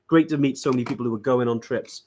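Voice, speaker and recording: A man's voice: mid-range voice, fast, darkish tone, slight background noise. Chatty man co-hosting a live show. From Wales. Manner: chatty, many fillers and restarts. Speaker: podcast co-host. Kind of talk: casual live-stream chat.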